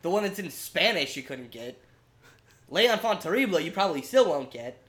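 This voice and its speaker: A man's voice: fairly high pitch, very animated, normal speed, a bit bright. A man co-hosting a podcast in casual chat, teasing and mock-exasperated with his friend. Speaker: podcast co-host.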